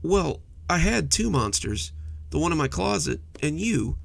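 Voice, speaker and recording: A man's voice: on the high side, very animated, measured pace, creaky, no room sound, voice pushed up, full character voice. A man voicing a frightened little monster boy who hides under a bed. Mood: apologetic. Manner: timid, stammering, fearful.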